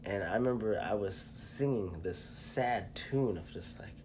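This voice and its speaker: A man co-hosting a podcast, telling a personal story in a casual, halting way. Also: lowish voice, a little mellow, slight background noise. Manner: storytelling, halting with fillers and restarts. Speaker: podcast co-host. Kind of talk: casual chat.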